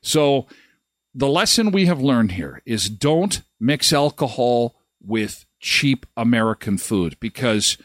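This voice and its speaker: A man's voice: medium pitch, big pitch swings, a little slow, few pauses, no room sound, clean studio sound. A middle-aged man hosting a live daily show, telling a funny story casually. His voice jumps up when he retells the moments that annoyed him.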